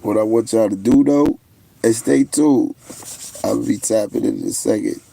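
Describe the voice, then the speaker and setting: Gravelly brash New man streaming. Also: fairly low pitch, unhurried, warm tone. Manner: brash, boastful trash talk. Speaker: livestream host. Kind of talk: casual livestream chat, answering viewers.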